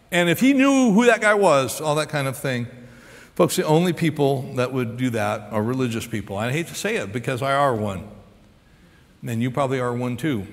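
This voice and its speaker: Animated American pastor in a reverberant hall. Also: male voice, mid-range voice. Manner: animated, acts out quotes and asides. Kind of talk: sermon. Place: large church auditorium. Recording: live sermon with long hall reverb.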